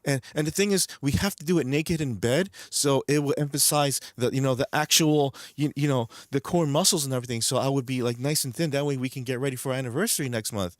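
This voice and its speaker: A man's voice: medium pitch, fast, few pauses, dry recording, studio quality, natural voice. A man voicing a smiling cheating girlfriend making sweet excuses.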